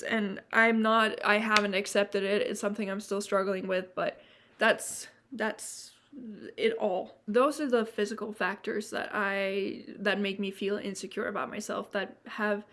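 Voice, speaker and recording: A woman's voice: mid-range voice, a bit bright. Frank young woman vlogger with a mixed accent. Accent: mix of non-native European and American. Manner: rambling and frank, with many restarts and swearing; fast s sounds she dislikes. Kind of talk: candid to-camera vlog.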